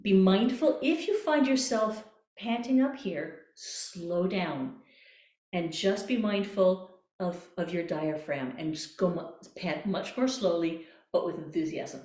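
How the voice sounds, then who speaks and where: A woman's voice: fairly low pitch, takes it slowly, warm tone, reverberant. A woman voice coach leading a workshop, guiding breathing exercises with playful images and encouragement. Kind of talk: online voice workshop.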